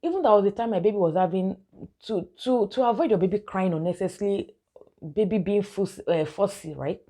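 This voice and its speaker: In a brisk, mellow, mid-range voice, a young woman offers relaxed baby-care advice to her vlog audience. She's a chatty mother who laughs frequently and keeps addressing everyone as "guys."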